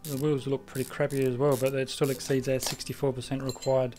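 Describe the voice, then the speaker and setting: A man's voice: mid-range voice, level tone, fairly quick, a little mellow, soft background music. A man from South Australia with an Australian accent, chatting casually while live streaming a car repair game and rambling a little. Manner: rambling, chatty, loses his train of thought. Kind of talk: casual gameplay commentary.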